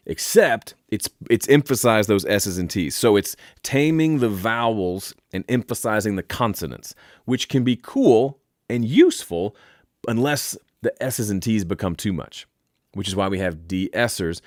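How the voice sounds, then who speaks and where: Playful, lower-voiced man hosting a studio Q&A. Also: lively intonation, moderate pace, dry recording. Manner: playful, jokey, explains with asides. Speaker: host. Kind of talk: live Q&A, home studio mixing demo. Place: home studio.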